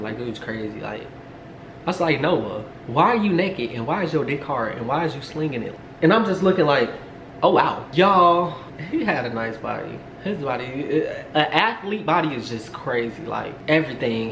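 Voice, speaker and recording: Young man, chatty rambling storyteller, slightly high voice, echoey room with faint hum. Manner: animated, rambling, many fillers and asides. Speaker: storytime vlogger. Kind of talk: casual storytelling to camera.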